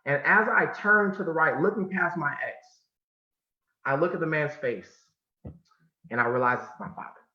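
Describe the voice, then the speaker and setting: A man from California giving a motivational talk, telling a personal story with emphasis and sudden drops to a hush. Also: fairly high pitch, moderate pace, long pauses. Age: adult. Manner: emphatic, swinging from loud to hushed, repeats phrases. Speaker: motivational speaker. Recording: muffled sound in an echoey room.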